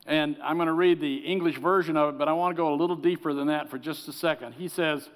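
Earnest preacher in a reverberant hall. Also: male voice, a little high, quick pace, hardly any pauses. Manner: earnest preaching, drops to soft pleading tones. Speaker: pastor. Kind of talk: sermon.

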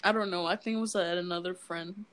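A woman's voice: lowish voice, quick pace, slight background noise. A young woman in casual chat, telling stories with lots of giggling. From United States. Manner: giggly, animated storytelling.

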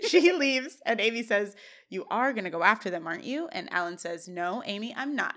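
A woman's voice: medium pitch, normal speed. A woman co-hosting a podcast, casually recapping a TV episode scene by scene and laughing often. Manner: animated scene retelling with laughs. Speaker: podcast co-host.

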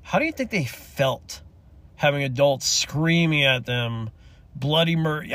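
A man's voice: on the high side, lively intonation, a little slow, fairly bright tone, no echo. Impassioned man ranting, dry and close. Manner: impassioned, rambling, swears, chokes up and tearful. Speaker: podcast host. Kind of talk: emotional solo rant.

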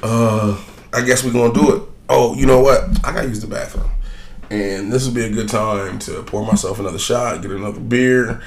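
A man's voice: mid-range voice, fairly even intonation, moderate pace, crowd noise. A young man hosting a solo podcast, ranting bluntly and profanely in a rambling, offhand way. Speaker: podcast host. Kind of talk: casual solo podcast rant.

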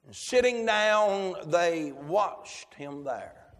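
Slow preacher in a reverberant church. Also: male voice, high-pitched, animated. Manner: slow, emphatic preaching with prayer cadence. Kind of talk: sermon, reading scripture aloud. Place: church sanctuary.

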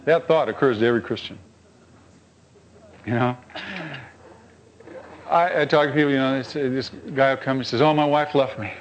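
A man preaching a sermon, telling stories and asking rhetorical questions of his congregation, swinging between high emphatic lines and low quiet asides. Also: normal speed, pauses often, lo-fi sound, a little hiss or hum. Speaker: pastor.

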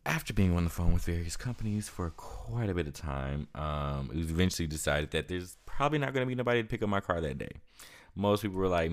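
Very deep-voiced young man telling a story. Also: quick pace. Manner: loose, filler-heavy retelling with lively quoted asides. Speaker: vlogger. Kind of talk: casual storytelling.

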